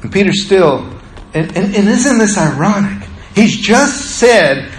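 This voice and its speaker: A male pastor preaching a sermon with animated delivery, acting out the scripture. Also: high-pitched, slow, roomy sound.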